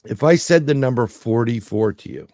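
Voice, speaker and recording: With a warm, medium-pitched voice, lively intonation and a moderate pace, a New York City man speaks as a guest and remote viewer. His casual interview storytelling is rambling and full of fillers and restarts, recorded cleanly in a studio with no room sound.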